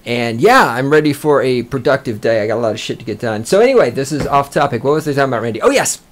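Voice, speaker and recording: A man hosting a podcast from a small studio, ranting loudly and boastfully with heavy swearing. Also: medium pitch, animated, fast talker. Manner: loud, fired-up, profane and boastful. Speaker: podcast host. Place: small recording studio with a control room.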